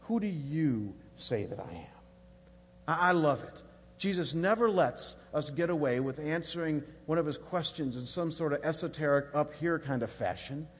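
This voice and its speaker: A man preaching a sermon to his congregation, rising into loud, high, repeated declarations as he builds his point. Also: expressive, normal speed, breathy edge. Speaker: pastor. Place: large church hall. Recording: long hall reverb.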